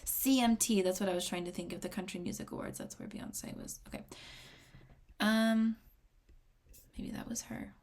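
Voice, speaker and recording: A young woman with a gravelly, fry-laced voice talks through her first reactions to an album, excitable and rambling. She keeps slipping into whispers as she reads her notes aloud, then bursts back up in delight. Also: mid-range voice, moderate pace. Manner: excitable, rambling, often drops to a whisper while reading notes. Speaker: music reaction vlogger. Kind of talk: casual reaction commentary.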